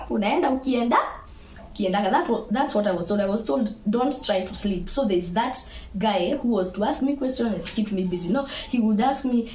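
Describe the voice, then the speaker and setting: A young woman with a Kenyan accent tells her own story in casual chat, lively and laughing, now and then breaking into Swahili. Her voice sits fairly high. The room around her is echoey, with a faint background hiss. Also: fairly quick. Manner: animated, laughing, mixes Swahili into English. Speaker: vlogger telling her birth story.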